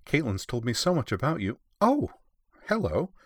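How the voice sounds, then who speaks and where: A man's voice: mid-range voice, sing-song, brisk, no room sound, clean studio sound, pitched above the performer's own voice, close to an everyday voice. A man voicing a polite, pleasant young female pop idol greeting a group of people. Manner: pleasant, courteous.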